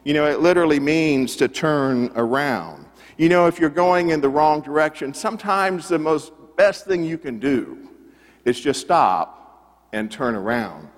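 A middle-aged man preaching a sermon, conversational and animated, full of rhetorical questions. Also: fairly high pitch, unhurried, big-room sound. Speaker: pastor.

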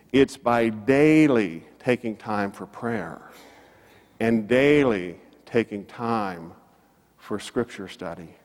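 Man, pastor, sermon, animated storytelling delivery, mid-pitched voice, long church-hall reverb. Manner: storytelling preacher, rises and falls for emphasis.

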